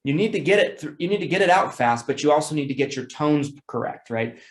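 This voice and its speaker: Talking quickly in a roomy-sounding space, a male sales trainer with a fairly high voice gives a sales training talk about phone calls. He demonstrates call scripts with upbeat, bright excitement, keeping things casual, repeating words and correcting himself along the way.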